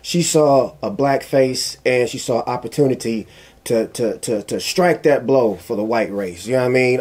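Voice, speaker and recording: A man's voice: mid-range voice, moderate pace. Emphatic man telling a story. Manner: animated storytelling, emphatic, repeats himself. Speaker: commentary vlogger. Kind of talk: casual commentary.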